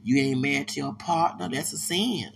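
Gravelly man rambling through a podcast story. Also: fairly high pitch, moderate pace, noisy background. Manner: rambling, emphatic, repeats words and restarts often. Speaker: podcast host. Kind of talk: casual monologue storytelling.

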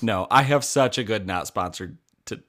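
A man's voice: fairly low pitch, a bit bright. A young man co-hosting a podcast, upbeat and joking in a casual chat. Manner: upbeat, joking, quick asides. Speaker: podcast co-host.

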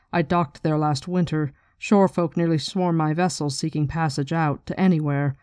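A reader voicing a proud, formal woman ship captain in a stately, measured read of a novel passage. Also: medium pitch, a little mellow, no echo, lightly acted. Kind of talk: reading a novel passage aloud.

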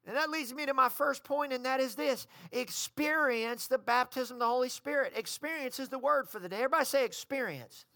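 Forceful, fervent storytelling preacher. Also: male voice, extremely high pitch, brisk, hardly any pauses, no echo, clean studio sound. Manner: storytelling, rising to shouted fervor. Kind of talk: sermon.

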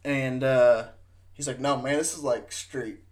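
A man's voice: medium pitch, fairly even intonation, unhurried. A man casually telling a rambling, profane road-trip story on a podcast, drunk and stoned, talking into a studio mic. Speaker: podcast co-host.

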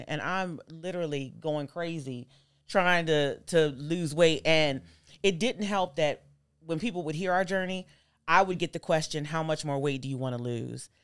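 A woman guest on a podcast, talking casually about her own experiences and acting out what others said to her with big jumps in pitch. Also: clear, resonant tone. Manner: animated, acts out quotes with big pitch jumps. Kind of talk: casual storytelling interview.

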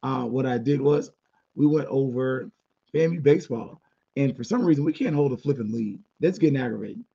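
Blunt, chatty man with a husky voice. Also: medium pitch, brisk, dark tone, lo-fi sound. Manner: candid, chatty, blunt opinions with asides. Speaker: podcast host. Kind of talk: casual sports podcast monologue.

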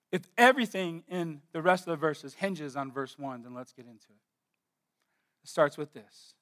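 A pastor with a high, bright voice preaching in a church. His tone is crisp and clear, and he drops to a near hush to stress a phrase, then rises into loud, declaring lines. He dwells on single words with slow, deliberate repetition. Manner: swings from hushed emphasis to loud declaration. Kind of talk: sermon.

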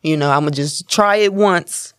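A woman's voice: low voice, normal speed, clear, resonant tone, dry recording, studio quality. Laid-back, laughing woman in casual chat.

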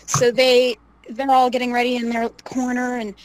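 A young woman telling stories casually as an interview guest, animated, laughing often and acting out what people said. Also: on the high side, normal speed, rough recording. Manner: animated, laughs often, acts out quoted voices. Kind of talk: casual storytelling.

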